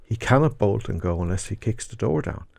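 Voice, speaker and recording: A man giving measured political commentary on a radio panel, pausing with fillers as he thinks. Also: on the low side, lively intonation, gravelly, a little mellow, dry recording, studio quality.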